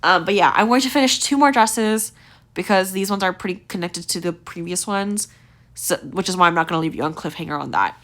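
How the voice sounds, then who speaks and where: A fairly low, brisk, somewhat bright voice belongs to a young gaming creator casually rating outfits. She rambles with plenty of fillers, her voice showing fatigue and slight strain.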